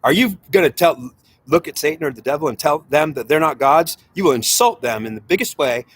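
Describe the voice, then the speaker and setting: A man's voice: on the high side, animated, brisk, fairly bright tone, husky, no room sound. Agitated, rambling man with a raised voice. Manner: agitated and rambling, with frequent repetition. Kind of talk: impassioned spiritual monologue.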